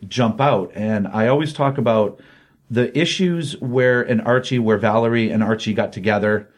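A man's voice: medium pitch, normal speed. A man giving a casual, rambling recap of a comic book issue, full of ums and you-knows.

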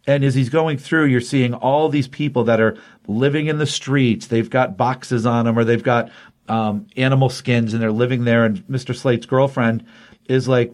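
A man's voice: mid-range voice, moderate pace. A man casually recapping a comic book issue, chatty and rambling, often acting out the characters' lines. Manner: chatty, rambling, acts out quotes.

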